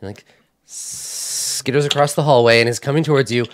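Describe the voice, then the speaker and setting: A man's voice: medium pitch, fairly even intonation, moderate pace. A man running a tabletop game as game master, narrating loosely with many fillers.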